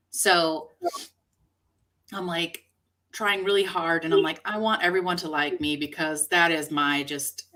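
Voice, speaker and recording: Woman, bright voice, giggly, chatty, lots of ums and likes. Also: on the low side. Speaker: co-host and indie horror actress. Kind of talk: casual storytelling chat.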